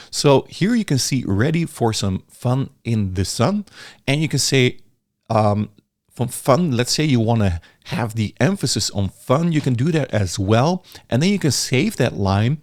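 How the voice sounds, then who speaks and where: A man giving a relaxed, chatty software tutorial, sometimes restarting his words. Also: mid-range voice, dry recording, studio quality. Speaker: software reviewer. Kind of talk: casual screen-recorded tutorial.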